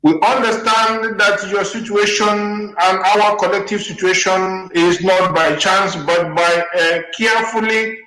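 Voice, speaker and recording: A man with a high voice hosts a radio broadcast, thanking listeners and building rhetorical points through repetition. He uses fillers as he goes. His voice rings in an echoey room. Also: sharp tone. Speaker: radio host. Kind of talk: broadcast host commentary.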